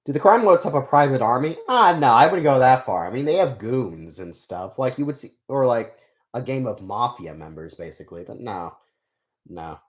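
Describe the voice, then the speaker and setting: A man's voice: medium pitch, expressive, moderate pace. A young man streaming casually, rambling and chatting with his viewers. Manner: rambling, many fillers and restarts, chatty with viewers. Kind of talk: casual live stream chat.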